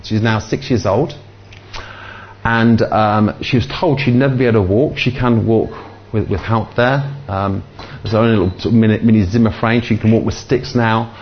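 Older preacher, halting storyteller, mid pitch, slightly dull recording. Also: male voice, steady tone, slight background noise. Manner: halting, many fillers and restarts. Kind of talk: sermon with storytelling.

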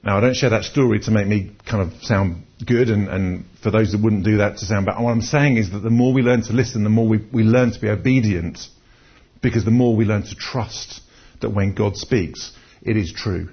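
This lo-fi, dull recording captures a man preaching at a moderate pace in a lowish, husky voice. His sermon is conversational and built on personal stories, with frequent restarts where he repeats words.

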